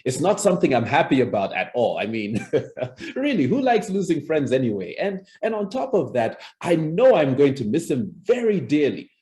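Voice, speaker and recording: A man's voice: a little high, big pitch swings, mellow, pitched above the performer's own voice. A man voicing a grieving man who laughs nervously and stumbles over his words at a funeral. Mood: nervous laughing. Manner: giggly, halting, mismatched cheer while grieving.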